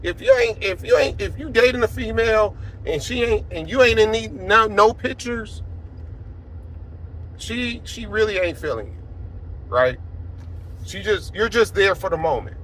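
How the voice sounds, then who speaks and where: A man in his forties tells a personal testimony in a relaxed, rambling way, with a fairly high voice for a man. He shifts from low, subdued stretches to loud, emphatic ones. A faint hum of traffic sits behind him. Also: unhurried. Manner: conversational, many fillers, swings from quiet to emphatic. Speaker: apostle sharing a personal testimony. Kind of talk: casual spoken testimony.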